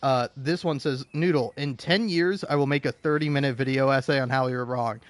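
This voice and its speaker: A young man, mid-range in pitch and fairly quick, is recorded dry while gaming. He reads out comments and rants about them casually, cursing, getting animated, and rambling with frequent restarts.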